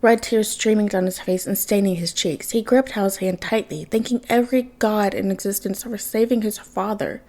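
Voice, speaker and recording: A woman's voice: medium pitch, normal speed, hardly any pauses, darkish tone. A woman reading fan fiction aloud, narrating with emotion. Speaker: podfic reader.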